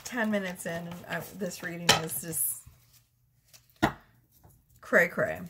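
A woman's voice: fairly low pitch, slow pace, heavy background noise. A woman giving a casual tarot reading, talking bluntly and profanely and often breaking into laughter. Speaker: tarot reader.

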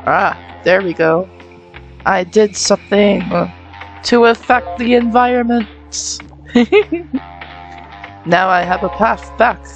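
A woman narrates her video game playthrough in a chatty, giggly way, often mocking herself. She talks at an unhurried pace. Faint game music plays behind her. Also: mid-range voice, expressive, highs cut off. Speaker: gamer playing through a game. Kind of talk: let's-play commentary.

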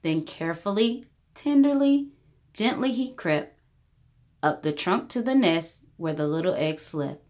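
A woman storyteller reading a rhyming children's story aloud, with expressive narration. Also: on the low side, a little slow.

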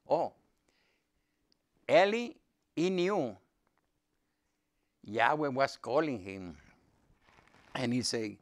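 Man, lay speaker, slow, broken English, halting Bible retelling, mid pitch. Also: very animated. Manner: halting, with broken English grammar and many pauses. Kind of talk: retelling a Bible story to a group.

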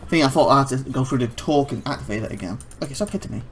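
A man's voice: mid-range voice, rapid-fire, a bit bright, a little hiss or hum. A man hosting a let's play, commenting live and exclaiming in frustration at the game.

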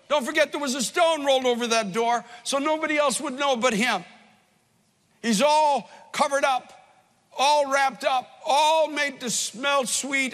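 A male pastor preaching with passion, his voice very high and bright. His delivery swells from hushed pleading to ringing emphasis. The sound hangs in a long church reverb. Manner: impassioned, swells from hushed to loud. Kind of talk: sermon.

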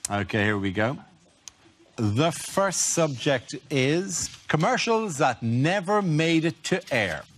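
A British man hosting a comedy panel show, announcing each topic in a brisk, matter-of-fact way. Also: a little high, sing-song, a bit bright. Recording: studio audience noise.

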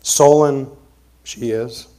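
A man preaching an expository sermon as pastor, conversational, moving between forceful emphasis and quiet asides. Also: medium pitch, steady tone, slow. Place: church sanctuary.

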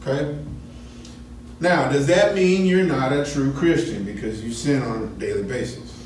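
A man's voice: mid-range voice, normal speed, darkish tone, slight background noise. A man teaching a Bible study lesson in a conversational way, asking his class questions as he explains. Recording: echoey room, mic at a distance.

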